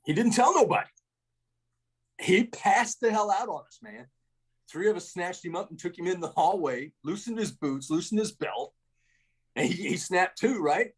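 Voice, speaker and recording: A middle-aged man, a retired army first sergeant, telling salty stories in a casual, animated way and tossing "man" into almost every sentence. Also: sits high, normal speed, long pauses, husky. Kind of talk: casual storytelling.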